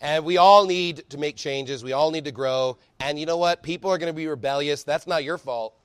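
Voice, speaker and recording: A man preaching a sermon with fervor, reading scripture quickly and building up to shouting. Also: fairly high pitch, clear, resonant tone, no room sound. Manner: fervent preaching, rising to shouts; reads scripture aloud quickly. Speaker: pastor.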